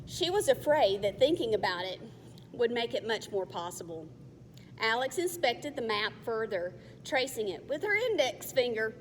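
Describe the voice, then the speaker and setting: A woman reading a children's novel aloud in a careful, measured way. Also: fairly high pitch, big pitch swings. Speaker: narrator. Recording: faint long reverb, faint hiss.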